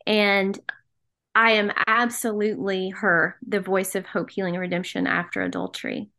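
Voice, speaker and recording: A woman's voice: medium pitch, steady tone, moderate pace, bright, forceful tone. A middle-aged woman from the American South, telling her personal story as a podcast guest in an earnest, emotional way. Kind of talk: personal testimony in an interview.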